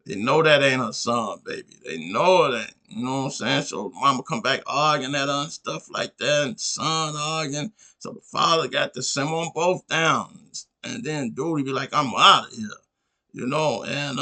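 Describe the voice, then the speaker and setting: A man's voice: medium pitch, bright, forceful tone. A man hosting a podcast, telling a long story in a rambling casual way, constantly checking in with his listener. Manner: rambling, constantly asks "you know what I'm saying". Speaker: podcast host.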